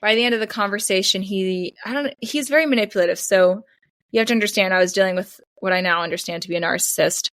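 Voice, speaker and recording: A young woman recounts a personal story as a podcast guest, lively and conversational, with a mid-range voice. She leans on "like" and slips into other people's voices as she retells conversations. The sound is dry and close. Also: medium pitch, fast, dry recording. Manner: animated retelling, acts out both sides of conversations, frequent "like". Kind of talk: casual storytelling interview.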